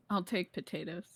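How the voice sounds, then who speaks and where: A woman's voice: lowish voice, slightly rough, no room sound. A woman player in a tabletop game, hesitant and playful.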